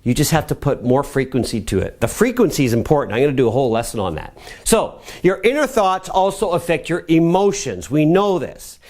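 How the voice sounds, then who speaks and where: A middle-aged man leads a motivational personal growth lesson for a web show. His voice sits a little high and swings widely in pitch. He coaches with energetic, repeated commands. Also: fairly quick. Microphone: camera mic.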